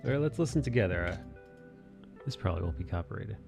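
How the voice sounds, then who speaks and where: A man's voice: fairly low pitch, lively intonation, fast talker, vocal fry, over music. A young man hosting a live drawing stream, chatting casually and laid-back, dropping swear words and "dude" often. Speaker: streamer host. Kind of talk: casual chat while drawing.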